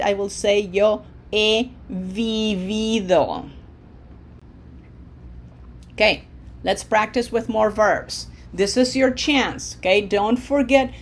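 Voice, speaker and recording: Slow, deliberate woman teaching Spanish. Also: fairly high pitch, a little mellow. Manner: slow, deliberate, drills words for the learner to repeat. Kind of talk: language lesson.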